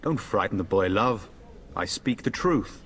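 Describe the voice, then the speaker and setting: An actor voicing a cheerful young noble knight, a joking older brother heading off to war. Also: male voice, lowish voice, expressive, unhurried, a bit bright, slight background noise. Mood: jovial. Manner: jovial, teasing.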